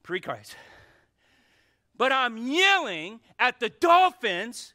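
A male pastor preaching a sermon to his church, fervent and shifting between shouts and hushed asides. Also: high voice, sing-song, a little slow. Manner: fervent, swings from shouting to near whispers. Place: church sanctuary.

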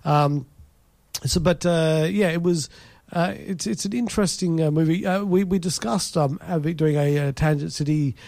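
A man co-hosting a podcast in casual chat, talking in a rambling, halting way. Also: fairly high pitch, gravelly, a little mellow, no echo. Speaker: podcast co-host.

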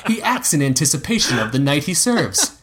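A man voicing a smirking young boy squire in a storybook reading, with a raised boyish pitch. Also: big pitch swings, a little fast, fairly bright tone. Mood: smug.

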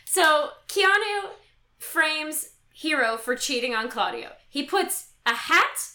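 A young woman with a high, bright voice talks in a lively, animated way as a podcast host. She laughs often and leaps into quoted lines, and the room around her is echoey. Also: takes it slowly. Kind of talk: casual chat retelling a play.

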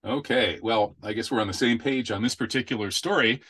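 A man's voice: mid-range voice, fairly quick, a bit bright, slightly rough. A man hosting a casual political talk show, chatty and wry. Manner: chatty and wry, makes puns. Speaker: host.

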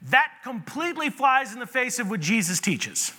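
A man preaching a sermon as pastor, telling stories in an animated way and often restarting his sentences. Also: very high voice, moderate pace. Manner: animated storytelling with repeated restarts. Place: church sanctuary. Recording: long reverb of a large hall.

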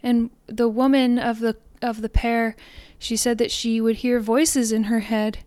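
A woman giving a reflective spiritual talk in a soft, earnest, meditative way, sometimes slowing and fading to near-whispers. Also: on the high side, little pitch movement, no echo. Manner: soft, slows down and trails off into near-whispers on repeated phrases. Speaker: spiritual podcaster.

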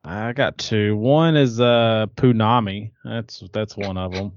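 A man's voice: fairly low pitch, slow pace. A man co-hosting a podcast who jokes around and laughs often. His voice sounds dull and dry, with no room echo. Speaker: podcast co-host. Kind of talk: casual chat.

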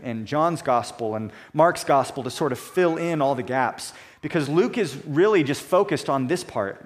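A man preaching a sermon, measured and conversational, slowing down and dropping soft for emphasis, with homely illustrations. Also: on the high side. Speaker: pastor.

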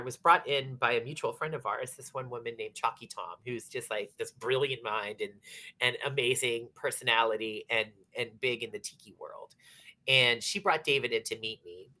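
A woman's voice: very deep voice, moderate pace. A woman from Pittsburgh, a bar manager, telling stories casually in an interview with lots of fillers and acted-out quotes. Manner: animated, acts out quoted dialogue, many fillers.

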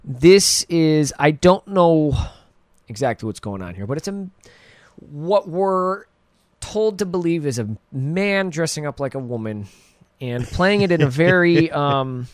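Man, casual movie chat, slightly high voice, very lively pitch, dry close sound. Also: unhurried, dry recording. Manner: animated, laughing, swearing freely. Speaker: podcast co-host. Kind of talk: casual film discussion.

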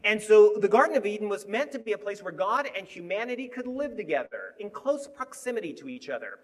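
A man preaching a sermon, animated, moving between emphatic lines and hushed asides. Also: sits high, fairly quick.

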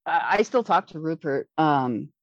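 A middle-aged woman telling a rambling story in casual conversation, excited and full of restarts. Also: low-pitched, measured pace, no echo. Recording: dull lo-fi dry recording.

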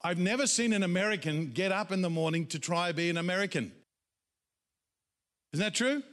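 A man preaching a sermon in an animated, dramatic way, acting out the voices of doubters. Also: sits high, a little fast. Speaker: pastor. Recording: echoey hall, long reverb.

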